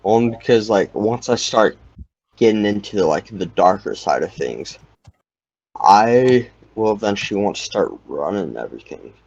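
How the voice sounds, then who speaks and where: Young guy, low register, rambling casual talker, dull dry recording. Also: animated, normal speed, vocal fry, darkish tone. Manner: rambling, heavy use of "like". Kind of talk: casual chat. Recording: dull lo-fi sound.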